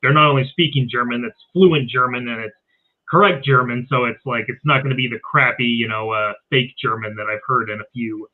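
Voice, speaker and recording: Man on a tinny phone-like line. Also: medium pitch. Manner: loose, filled with "uh" pauses. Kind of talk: casual livestream chat.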